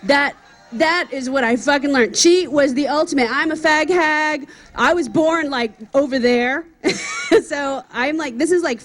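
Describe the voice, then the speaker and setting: A woman comedian doing a brash, profane, chatty stand-up set at an outdoor comedy event on a stage microphone. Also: high-pitched.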